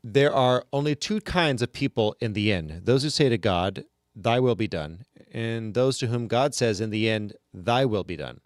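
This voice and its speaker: A man voicing a calm, wise old male teacher in a measured, reassuring read. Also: on the low side, dry recording, clean studio sound, lightly acted.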